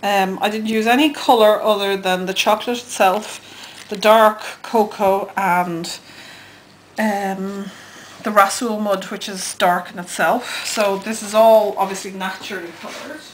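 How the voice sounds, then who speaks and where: A woman's voice: mid-range voice, steady tone, unhurried, slight background noise. A woman who hosts her own channel, chatting casually and giggling as she shows how her soap is made. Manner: chatty and giggly, trails off and hesitates. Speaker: soap maker and channel host. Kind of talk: casual chat while demonstrating.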